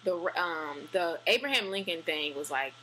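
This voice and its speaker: A woman chatting casually, animated and full of fillers and restarts. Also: low voice, moderate pace, slight background noise, low-quality recording. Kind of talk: casual chat.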